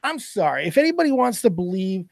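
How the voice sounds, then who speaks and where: A man in casual podcast chat, telling stories in a profane, animated way. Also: sits high, fast, creaky, dry recording, clean studio sound. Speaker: podcast guest.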